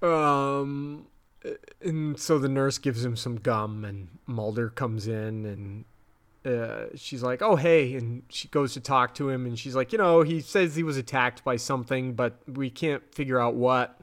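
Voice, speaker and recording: A man co-hosting a podcast, casually recapping a TV episode in an animated way and jumping up high when he is grossed out. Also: a little slow. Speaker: podcast co-host.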